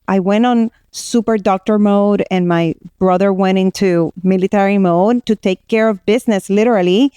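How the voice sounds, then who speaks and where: Podcast co-host: a woman psychiatrist from Puerto Rico, mellow and smooth, candid, talks it through as she goes. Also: mid-range voice, no room sound, clean studio sound. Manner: candid, animated storytelling with many restarts. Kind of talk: casual podcast conversation.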